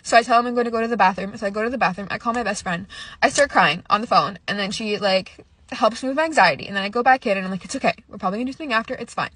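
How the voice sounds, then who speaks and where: A woman's voice: mid-range voice, quick pace, a bit bright, no room sound. A young woman casually telling a story, rambling with lots of "like" and nervous little laughs. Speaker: storyteller recounting a date.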